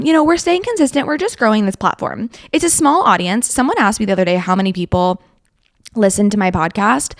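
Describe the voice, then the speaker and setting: A woman's voice: medium pitch, no room sound, clean studio sound. A young woman hosting her own podcast in a casual, chatty, self-mocking way, laughing often as she talks. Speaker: podcast host. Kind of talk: casual solo podcast chat.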